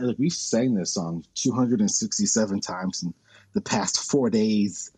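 A man in loose comedic conversation, venting his frustration in a profane, ranting way. His voice has a husky, slightly breathy edge. The sound is dry and close, with no room echo. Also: fairly low pitch, animated, unhurried, a little mellow. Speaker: podcast co-host. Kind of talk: casual comedic chat.

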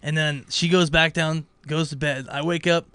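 A young man telling a story in casual chat, animated and swearing, acting out what others said. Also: on the high side, normal speed, clean tone, no echo. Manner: animated, swearing, acts out quotes.

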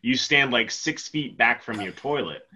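A man co-hosting a comedy podcast over a video call, teasing the others and exclaiming loudly. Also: mid-range voice, lively intonation, normal speed, breathy edge, lo-fi sound. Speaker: podcast co-host. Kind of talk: casual comedic chat.

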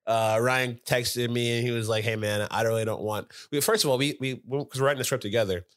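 This podcast co-host has a medium-pitched, fairly quick voice, captured in a dry, studio-quality recording. He chats casually and tells stories like an animated storyteller, laughing often and acting out quotes.

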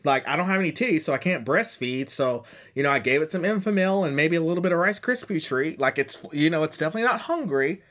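A man's voice: a little high, animated, quick pace, hardly any pauses, fairly bright tone. A man in his thirties, a podcast host rambling through a profane, self-mocking comedic monologue. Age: 30s.

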